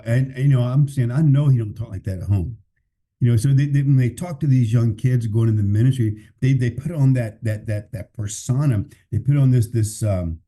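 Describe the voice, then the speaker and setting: A man's voice: medium pitch, warm tone. A man who is a pastor, speaking candidly and plainly in a casual podcast conversation, often restarting his sentences. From California.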